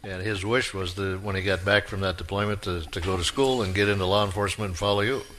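A man hosting a radio interview show, asking encouraging questions with halting fillers. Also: deep voice, steady tone, fairly bright tone, a little hiss or hum.

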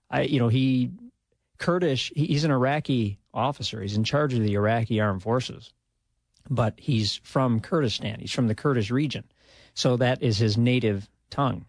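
A man's voice: mid-range voice, vocal fry, dry recording. A man, a retired army officer talking modestly in a radio interview, chuckling often. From Minnesota, USA. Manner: relaxed and modest, chuckles often, many "uh" fillers.

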